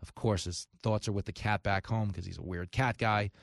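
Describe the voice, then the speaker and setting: A man's voice: on the low side, steady tone, moderate pace, vocal fry, no echo, clean studio sound. Ranting male talk radio host. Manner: ranting, with comic asides and storytelling. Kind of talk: opinionated talk radio monologue. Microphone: studio microphone.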